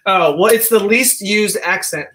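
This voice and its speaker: A man from the United States hosts a casual discussion in a bright, tense-edged voice. He drifts between points, often restarting his sentences and trailing off into fillers. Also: sits high, a little hiss or hum. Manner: digressive, halting, many restarts and fillers. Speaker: host.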